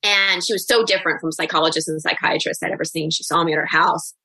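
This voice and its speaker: A woman in her forties opens up in a podcast interview, reflective and candid, with quick asides. Her voice is bright and sits somewhat low. It is recorded dry and close on the mic. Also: fairly even intonation, no room sound. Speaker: guest coach.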